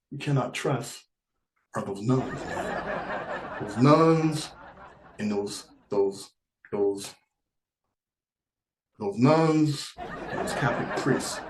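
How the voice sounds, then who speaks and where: A man's voice: mid-range voice, expressive, drawn-out words, long pauses, roomy sound, background noise. A man doing a stand-up comedy set, rambling and repeating himself and laughing through his lines.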